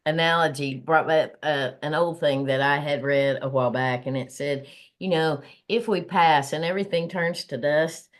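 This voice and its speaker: A woman's voice: low voice, steady tone, normal speed. Folksy Southern woman co-host. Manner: folksy, laughs often, repeats phrases. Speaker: podcast co-host. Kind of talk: casual chat.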